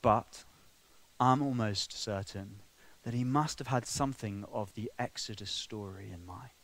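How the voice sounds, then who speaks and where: A man preaching a sermon, conversational and full of asides, swinging from quiet, intimate remarks to loud, emphatic passages. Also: lowish voice, a little slow.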